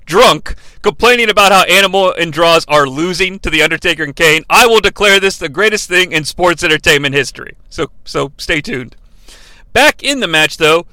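A man's voice: high-pitched, bright, forceful tone, no echo. A man hosting a podcast, recapping wrestling in a sarcastic, jokey way with many asides. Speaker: podcast host. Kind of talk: comedic recap narration.

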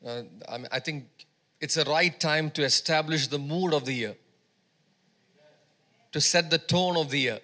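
A man delivers a sermon in a church, leading the congregation in call-and-response. His voice sits somewhat high and sounds bright and forceful. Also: normal speed, pauses often. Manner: call-and-response, asks congregation to repeat words. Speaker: pastor. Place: church service.

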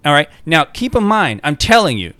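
A man's voice: on the high side, big pitch swings, moderate pace, sharp tone, dry recording. A man chatting casually, rambling through an anecdote with quoted lines. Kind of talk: casual chat, storytelling.

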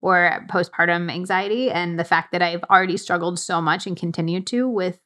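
A woman's voice: fairly low pitch, steady tone, normal speed, fairly bright tone. Young woman, podcast host, casual chat, thoughtful, filler words, studio mic. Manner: chatty, reflective, many fillers. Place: recording studio. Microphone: studio microphone.

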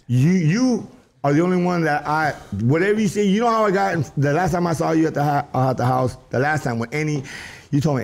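Rambling animated man, higher voice. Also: fast talker, gravelly. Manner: animated, rambling, drifts into rhymes and Spanish asides. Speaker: interview guest. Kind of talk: rambling street interview.

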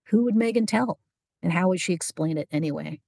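A woman narrating a story in an even, unhurried storytelling manner. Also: lowish voice, vocal fry, no room sound, studio quality. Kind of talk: audiobook narration.

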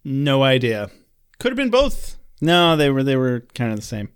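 A man's voice: medium pitch, big pitch swings, normal speed, clear, resonant tone. A male podcast co-host recapping a TV episode in casual chat, sarcastic and swearing freely.

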